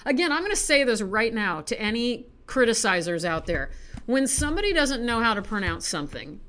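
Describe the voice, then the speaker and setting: A woman's voice: mid-range voice, a bit bright. An American woman reading poetry aloud at home, chatty and self-deprecating, wandering into asides between poems. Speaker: poetry reader. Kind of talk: casual poetry reading vlog.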